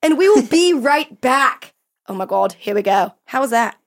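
A woman's voice: sits high, expressive, moderate pace. An American woman hosting a podcast in casual chat, giggly and self-mocking, laughing often. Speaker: podcast host.

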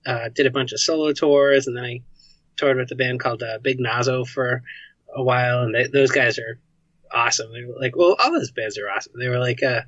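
Laid-back man, bright voice, dry lo-fi. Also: mid-range voice, fairly quick, no room sound. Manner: laid-back, chatty, lots of "like" and "you know". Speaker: guest, game developer and musician. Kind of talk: casual interview chat.

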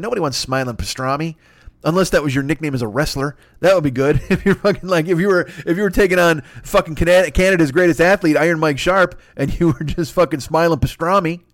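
A man's voice: a little high, no room sound, studio quality. A man delivering a profane, exasperated comic rant and slipping into mock voices. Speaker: comedian. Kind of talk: improvised comedic rant.

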